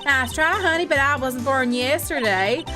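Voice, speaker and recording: Woman doing a brash folksy loudmouth witness. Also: sits high, moderate pace, voice pushed up, close to an everyday voice. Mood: cocky. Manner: boastful, folksy sayings. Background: game music.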